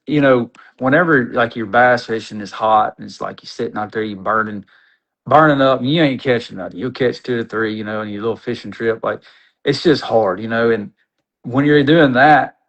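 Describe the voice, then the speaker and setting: A man, a podcast guest telling an animated, rambling, folksy story in casual conversation. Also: mid-range voice, dull audio.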